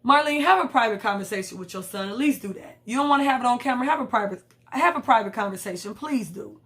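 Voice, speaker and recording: A woman's voice: on the high side, expressive, fast talker, a bit bright. A young woman, recapping a reality show in casual, blunt and profane commentary and acting out the lines she quotes.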